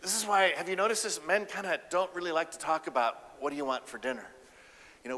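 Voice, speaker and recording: A man with a slightly high voice delivers a humorous keynote at a quick pace, his words trailing off in a long reverb. He's animated, acting out quoted lines in a raised, playful voice.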